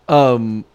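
A man in easy, casual conversation. He rambles, restarts his sentences and laughs often. His voice sits at an ordinary pitch. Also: darkish tone, clear, resonant tone. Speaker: podcast co-host. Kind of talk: casual chat.

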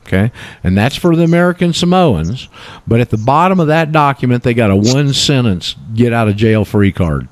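A man's voice: mid-range voice, animated, dry recording. Male radio host, folksy and chatty, dry close mic. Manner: folksy, repeats himself, quick asides. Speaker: radio talk show host. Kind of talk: casual call-in radio chat.

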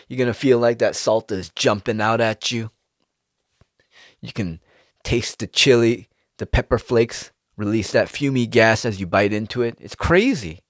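A man, rambling in a casual, profane monologue with sudden jumps in pitch. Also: no room sound, studio quality.

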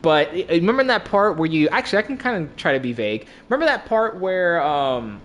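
A man's voice: on the high side, big pitch swings, brisk, a bit bright. Laid-back young man chatting about games. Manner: laid-back, swears a lot, laughs often, repeats words. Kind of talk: casual gaming chat.

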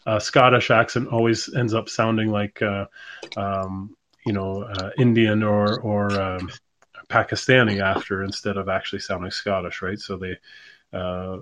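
Male host, lowish voice, casual rambling chatter. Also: level tone, a bit bright, a little hiss or hum. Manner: rambling, halting, lots of fillers. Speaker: podcast host. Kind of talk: casual livestream chat.

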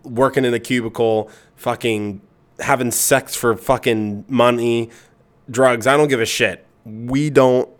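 A man's voice: mid-range voice, fairly even intonation, unhurried. A man in his twenties co-hosting a podcast, rambling crudely and laughing a lot, tired and sniffly. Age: 20s. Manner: profane, rambling, laughs often. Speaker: podcast co-host. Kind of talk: crude casual podcast banter.

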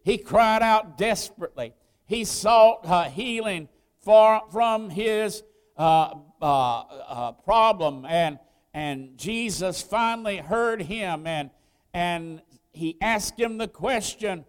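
High-pitched preacher guy, slow and clear, big hall echo behind him. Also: expressive. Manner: preaching with rising emphasis, drawn-out stresses. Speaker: pastor. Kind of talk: sermon. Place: church sanctuary.

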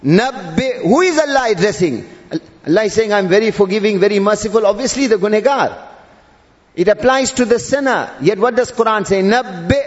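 A man's voice: very high voice, moderate pace. A male preacher delivering a sermon, drawling and repeating Arabic terms with rising emphasis. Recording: dull audio in a long-reverb hall.

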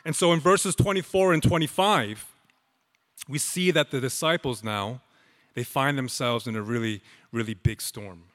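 Pastor, male, slow emphatic sermon delivery, bright tense tone, reverberant hall. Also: medium pitch. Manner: slow, emphatic preaching with dramatic pauses.

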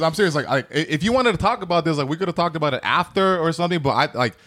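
A man's voice: on the high side, expressive, racing, few pauses, a bit bright. A man arguing heatedly with his podcast co-host, swearing and repeating himself as he pushes his point.

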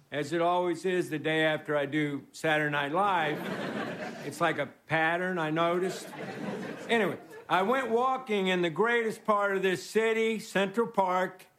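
Unhurried man rambling a stand-up monologue. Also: high voice, background noise. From Texas. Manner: rambling, deadpan, self-mocking. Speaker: comedy show guest host. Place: stage before a live studio audience. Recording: roaring studio audience laughter.

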